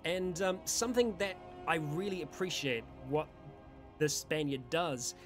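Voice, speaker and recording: A man's voice: a little high, animated, a little slow, music in the background. A man hosting a casual monthly community Q&A, rambling and self-deprecating, with a weak voice. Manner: rambling, with many restarts and fillers, self-deprecating. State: voice having issues, weak. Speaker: YouTube roleplay channel host.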